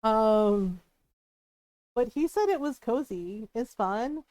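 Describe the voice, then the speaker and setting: A woman's voice: a little high, animated, slow pace, darkish tone, dry recording, rough recording. A woman streamer chatting casually with her viewers as she plays, rambling and laughing often. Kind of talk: casual chat while streaming a game.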